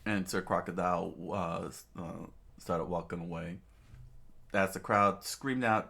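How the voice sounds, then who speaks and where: Brief: male reader, low voice, very slow, halting with frequent self-corrections and asides. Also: steady tone, creaky, sharp tone. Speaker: narrator reading a manga aloud. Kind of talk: casual reading with asides.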